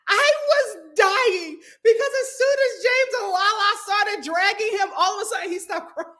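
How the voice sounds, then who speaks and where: A woman hosting a casual vlog, recapping a reality show with animated, opinionated commentary and frequent laughter. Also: very high-pitched, moderate pace.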